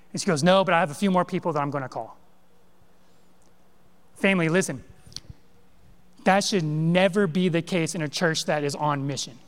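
High-voiced man preaching in a reverberant sanctuary. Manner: animated, conversational preaching with direct address. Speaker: pastor. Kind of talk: sermon. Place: church sanctuary.

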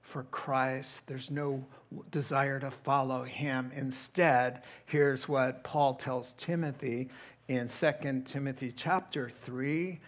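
A middle-aged man preaching a sermon as pastor, animated and acting out quoted voices. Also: mid-range voice, takes it slowly.

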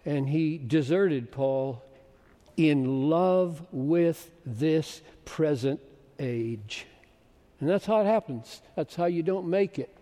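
A man in his seventies preaching a sermon as a pastor, slow and emphatic, rising to loud bursts. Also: fairly high pitch. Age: 70s. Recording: long reverb of a large hall.

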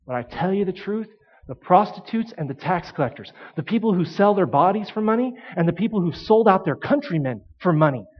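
High-voiced preacher acting out a parable. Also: male voice, breathy edge, dull audio. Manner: storytelling, acts out quoted voices. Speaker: pastor. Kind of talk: sermon.

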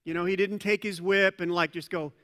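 A male pastor preaching a sermon in a conversational, animated way, with asides and self-corrections. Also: high voice, fairly quick. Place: church sanctuary. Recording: long reverb of a large church hall.

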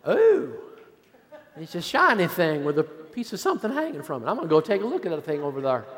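A man's voice: on the high side, huge pitch swings, fairly quick, pitched below the performer's own voice. A man voicing a dim-witted, greedy pike fish with a put-on Southern accent, in a long hall echo. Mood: curious.

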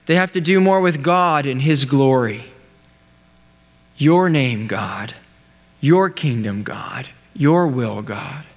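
A man preaching a sermon, telling a story in an earnest way, with pauses and restarts. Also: mid-range voice, lively intonation. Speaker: pastor. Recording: long hall reverb.

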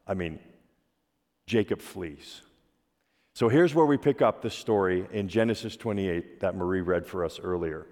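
A man's voice: sits low, measured pace, a little mellow. A man preaching a sermon, retelling a story conversationally and asking his listeners rhetorical questions. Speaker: pastor. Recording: long reverb of a large hall.

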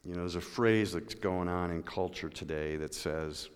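Preacher with big swings in a reverberant church. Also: male voice, moderate pace, clean tone. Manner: dynamic preaching, swinging from loud emphasis to low hushed tones; addresses congregation members by name. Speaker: pastor. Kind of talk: sermon. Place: church sanctuary. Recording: long hall reverb.

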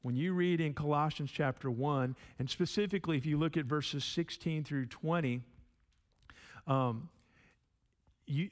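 A man teaching a sermon in a conversational way, often repeating words and checking in with his listeners. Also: fairly high pitch. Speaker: pastor.

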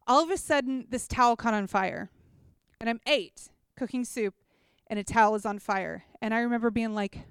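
A woman giving a chatty, animated personal testimony to a gathering, often checking in with listeners. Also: on the high side, normal speed, clean tone, no echo, clean studio sound. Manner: chatty, animated storytelling with props. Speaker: speaker at a church gathering.

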